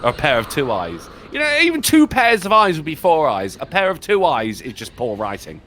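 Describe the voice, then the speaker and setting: A man's voice: huge pitch swings, fairly quick, fairly bright tone. A man streaming a game who reads a horror story aloud and mocks it with sarcastic, profane asides. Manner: mocking, swearing, jumps into high exaggerated voices. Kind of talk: sarcastic let's-play commentary. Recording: faint music in the background.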